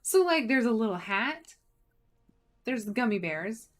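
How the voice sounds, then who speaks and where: A woman's voice: fairly high pitch, sing-song, unhurried. A woman streaming a game, chatting casually and asking herself rhetorical questions. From United States. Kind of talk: casual livestream chat while gaming.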